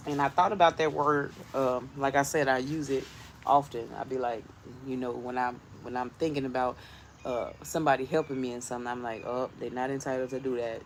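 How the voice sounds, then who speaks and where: A woman's voice: very deep voice, fairly even intonation, a little fast, a little hiss or hum. A woman vlogging from her home garden, telling a rambling story to her viewers and laughing often. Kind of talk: casual storytelling chat.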